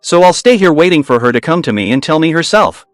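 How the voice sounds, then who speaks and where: An earnest, devoted teenage boy, the popular one at school, voiced plainly by a man narrating a recap. The voice sits fairly high and sounds close and dry, with faint music under it. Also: sing-song, fast talker, no echo. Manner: plain reading of quoted lines.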